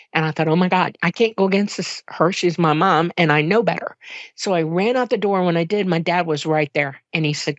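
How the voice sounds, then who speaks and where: Woman guest from Miami, lower voice, casual storyteller; dull, dead-dry lo-fi recording. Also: fairly quick, no room sound. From Miami, Florida. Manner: animated, emotional retelling with sudden jumps in pitch when quoting herself; casual, conversational, with frequent fillers and laughs. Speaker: interview guest. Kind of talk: personal storytelling in an interview.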